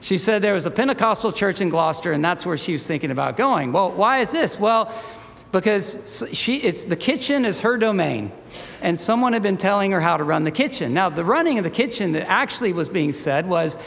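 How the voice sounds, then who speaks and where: Male pastor, high gravelly voice, heartfelt storytelling sermon in a reverberant church hall. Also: animated, a little fast, fairly bright tone. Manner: personal storytelling, getting choked up. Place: church sanctuary.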